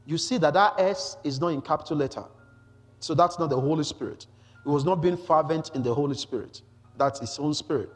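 A man preaching a Bible teaching sermon, reading scripture aloud with rising emphasis and pausing to explain it, often saying hallelujah. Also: on the high side, lively intonation, husky, long reverb tail, faint music behind. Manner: peppers talk with "glory to Jesus" and "hallelujah".

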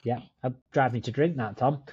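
A man's voice: mid-range voice, normal speed, a little mellow, breathy edge, no echo, muffled recording. A man co-hosting a casual podcast chat, laid-back, swearing now and then and calling his friend mate. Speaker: podcast co-host. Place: in Dublin, remote call.

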